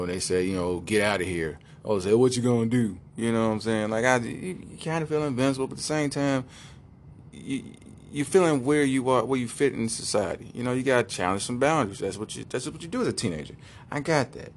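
A man's voice: mid-range voice, slight background noise. A man co-hosting a podcast, telling a rambling comic story and laughing often as he goes. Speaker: podcast co-host. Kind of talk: comedic storytelling.

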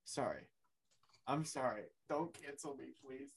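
A man's voice: medium pitch, unhurried, slightly rough. A man hosting a podcast in casual chat, giggly and playful, often restarting his sentences. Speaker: podcast host.

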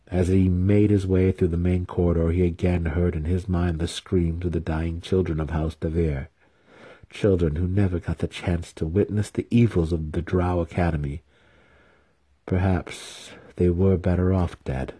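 A man reads a fantasy novel aloud at a steady, unhurried pace, like a storybook reading. His voice is very low and mellow, with a husky grain.

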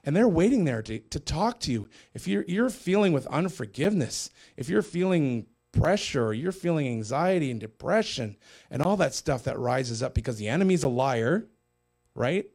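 A man's voice: on the high side, big pitch swings, moderate pace, darkish tone, breathy edge. Earnest man giving a casual sermon. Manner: earnest and conversational, with many restarts. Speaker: Christian TV co-host. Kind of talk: sermon-style teaching.

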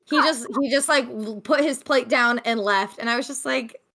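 A woman's voice: fairly high pitch, normal speed, gravelly, sharp tone. A young woman co-hosting a podcast, animatedly retelling a cafe encounter with quoted dialogue. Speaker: podcast co-host. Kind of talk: casual storytelling.

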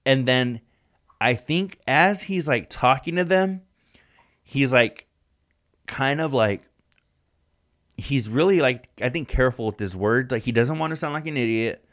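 A man's voice: medium pitch, animated, a little slow, long pauses, a bit bright. Rambling, profane casual man. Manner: rambling, profane, heavy use of "like". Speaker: podcast co-host. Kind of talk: casual chat.

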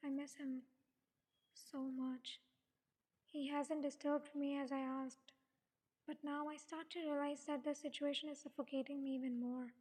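A woman reading a fan story aloud in first person, in a quiet, emotional and earnest way. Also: sits high, flat delivery, a little slow. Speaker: fanfiction audio reader. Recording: long reverb.

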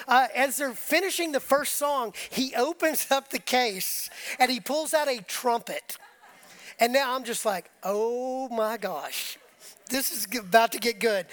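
Middle-aged pastor preaching, chatty storyteller, laughs a lot. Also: male voice, extremely high pitch, a bit bright. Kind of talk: sermon.

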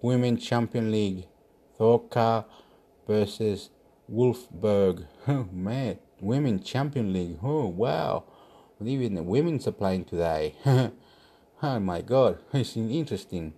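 A man's voice: fairly low pitch, expressive, takes it slowly, warm tone. Rambling man muttering to himself. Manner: talks to himself, mutters and swears. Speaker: vlogger giving football predictions. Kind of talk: casual rambling monologue.

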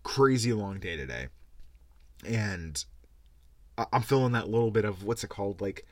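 A man's voice: on the low side, expressive, normal speed, dry recording. A tired man hosting a podcast, ranting sarcastically, swearing freely and laughing as he talks. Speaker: podcast host. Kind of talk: casual rant.

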